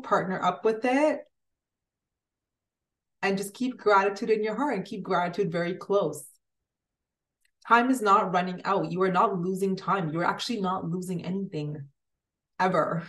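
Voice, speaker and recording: A woman giving an earnest, motivational spiritual talk, speaking directly to the listener in repeated phrases. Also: medium pitch. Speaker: spiritual content creator.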